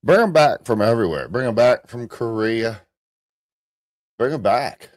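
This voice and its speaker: A man's voice: mid-range voice, animated, measured pace, no echo, clean studio sound. An American man hosting a live morning commentary show, rambling casually with restarts and chuckling at himself.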